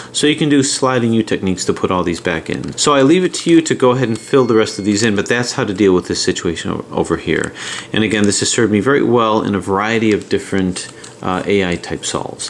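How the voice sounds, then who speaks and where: Chatty American man, lowish voice. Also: expressive, fast talker, creaky, a little hiss or hum. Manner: chatty, talks while handling puzzles. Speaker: puzzle channel host. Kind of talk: casual tutorial and unboxing.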